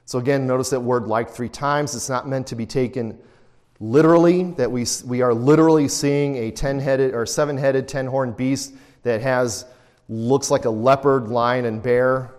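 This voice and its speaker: A man's voice: medium pitch, steady tone, normal speed, darkish tone, long reverb tail. A man teaching a Bible study lecture in a conversational way, often putting rhetorical questions to his listeners.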